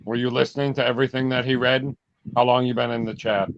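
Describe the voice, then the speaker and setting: A man's voice: medium pitch, little pitch movement, fast talker, vocal fry, lo-fi sound, slight background noise. A man co-hosting a casual stream chat, teasing his co-hosts and swearing casually. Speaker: podcast co-host.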